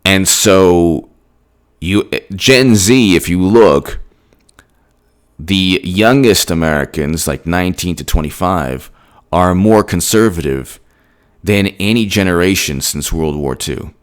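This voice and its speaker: A man's voice: deep voice, slow, clear, resonant tone. A man giving an emphatic, rambling political commentary on his own channel, with frequent restarts. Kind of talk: solo political commentary vlog.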